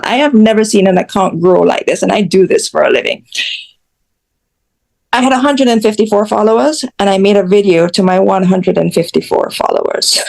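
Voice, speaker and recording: A woman's voice: mid-range voice, vocal fry, darkish tone. A woman from Jamaica, a social media creator being interviewed, speaking bluntly with self-mocking asides and acted-out quotes. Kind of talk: candid storytelling in interview.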